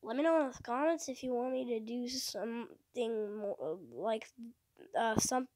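A woman's voice: on the high side, a little slow, darkish tone. A woman giving live commentary while playing a horror game, jittery and muttering, making sound effects aloud. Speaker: gaming video creator.

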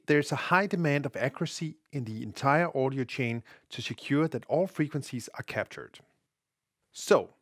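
A man presenting a scripted technical tutorial, explaining things in a measured, precise way. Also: on the high side, dry recording, studio quality.

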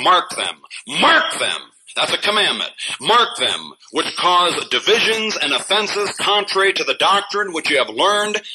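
A pastor preaching a fiery sermon in a church, scolding his listeners and bursting out loud now and then between chuckles. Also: a little high. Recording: noisy old sermon recording.

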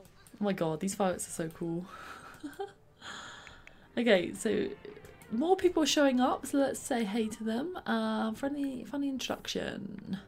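A woman hosting let's play commentary, bubbly and excitable, sometimes dropping into soft whispers. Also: fairly high pitch, a little slow, pauses often. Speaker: gaming channel host.

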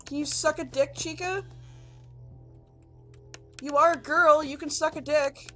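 A woman's voice: sits high, fairly even intonation, a little slow, fairly bright tone, faint music behind. A woman doing horror game commentary, jittery and swearing constantly as she pleads with the game. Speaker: gaming youtuber.

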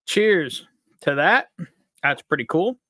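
A man from upstate New York hosts a live stream, joking cheerfully and naming viewers from the chat as he greets them. He speaks slowly in a fairly high, animated, fairly bright voice, and the studio recording is clean and dry.

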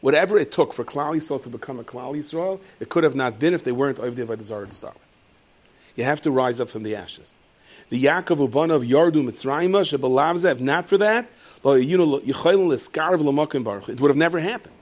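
A man giving a lively Torah lecture as a rabbi, jumping into high, loud voices when he tells stories. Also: brisk. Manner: lively storyteller, leaps into high shouted voices for characters. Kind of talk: animated Torah lecture with storytelling.

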